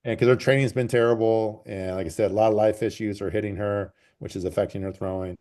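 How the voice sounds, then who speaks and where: A track and field coach answers interview questions in a relaxed, rambling way, repeating phrases for emphasis. He has a fairly low voice and talks fast, heard over a call recording.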